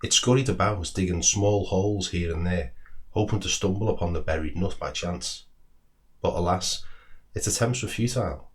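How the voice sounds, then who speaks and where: Deep-voiced man reading a children's story. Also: moderate pace. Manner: expressive, storytelling delivery. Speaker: children's book author and narrator. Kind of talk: storybook read-aloud narration.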